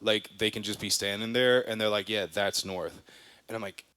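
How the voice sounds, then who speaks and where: Young host from Louisiana, bright dry voice, jokey, lots of "dude". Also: male voice, on the low side, quick pace, smooth, no echo. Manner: joking, animated, says "dude" and "like". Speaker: podcast host. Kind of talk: casual interview chat.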